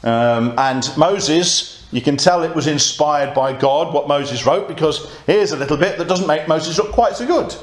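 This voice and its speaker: A man's voice: a little high, unhurried, hardly any pauses. A man preaching a conversational sermon and reading scripture aloud. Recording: echoey church room.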